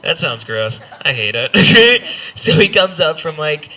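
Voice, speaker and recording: A man's voice: a little high, sing-song, measured pace, sharp tone. A young man doing stand-up in a rambling, self-deprecating way, full of stumbling restarts. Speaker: stand-up comedian. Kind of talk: stand-up set. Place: comedy club stage.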